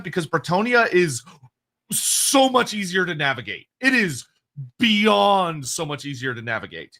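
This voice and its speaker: Male co-host, animated and bright, high voice that jumps around a lot. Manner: animated, quick, jokey. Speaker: co-host reading viewer questions. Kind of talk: casual live stream chat.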